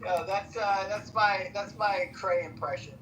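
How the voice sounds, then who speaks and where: A young man bantering and mocking people on a live audio chat, joking loudly with sudden outbursts. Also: high-pitched, a little slow, distant mic, a little hiss or hum, rough recording. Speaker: chat room participant.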